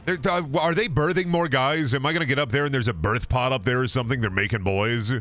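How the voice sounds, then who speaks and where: A man's voice: medium pitch, fast talker, fairly bright tone. A man streaming a game, rambling and joking crudely with lots of swearing. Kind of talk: casual gaming stream chatter.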